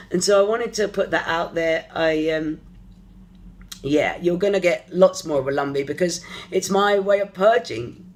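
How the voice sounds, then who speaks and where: Spiritual coach type rambling openly to camera, stops and restarts a lot, mid pitch. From London, England. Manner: earnest, searching, thinks aloud in halting phrases. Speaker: energy therapist and spiritual coach. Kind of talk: personal confessional vlog.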